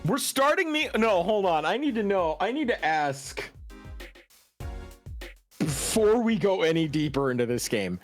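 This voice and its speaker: Lively, joking streamer man. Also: fairly high pitch, soft background music. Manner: swearing, joking, quick-witted. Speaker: streamer voicing game characters. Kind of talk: casual let's-play chat.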